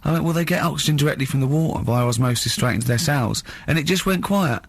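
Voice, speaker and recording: A man's voice: fairly high pitch, quick pace, creaky. An English man hosting a comedy radio show, telling stories in a teasing, giggly way. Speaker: radio host. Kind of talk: casual comedy radio chat. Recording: radio studio.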